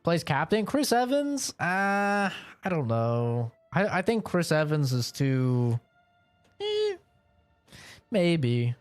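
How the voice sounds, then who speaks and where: A man's voice: on the high side, huge pitch swings, slow, soft background music. A young man streaming and chatting casually, rambling and joking with a lot of swearing. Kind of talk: casual chat.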